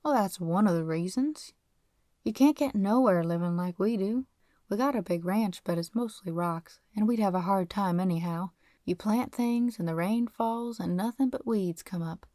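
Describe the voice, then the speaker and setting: A woman's voice: medium pitch, moderate pace, dark tone, no echo, clean studio sound, lightly acted. A woman reading an audiobook voices a poor, defiant teenage farm boy who runs away, speaking in earnest folksy backcountry grammar. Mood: brooding.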